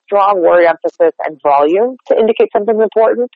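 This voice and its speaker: An American man working as a dialect coach, explaining his technique in an animated, chatty way and acting out example lines. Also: high voice, fairly quick, no echo, phone-quality sound. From United States. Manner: animated, explanatory, demonstrates lines aloud, many fillers like "like". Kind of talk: interview guest explaining technique.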